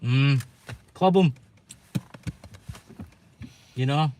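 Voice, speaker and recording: A man's voice: mid-range voice, very slow, darkish tone. A man with a Scottish accent hosting a casual livestream chat, teasing his co-host and talking straight to viewers. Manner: chatty, teasing, addresses viewers directly.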